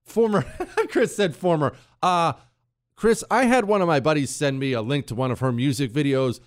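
A male talk show host giving opinionated commentary in an animated, sarcastic way, bantering with his producer. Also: a little high, moderate pace, no echo, studio quality.

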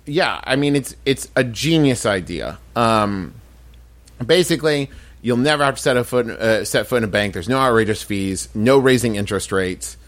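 A man's voice: medium pitch, expressive, normal speed. A man co-hosting a comedy podcast who gives a loose, casual ad read full of restarts. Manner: explains things loosely, with restarts. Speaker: podcast co-host.

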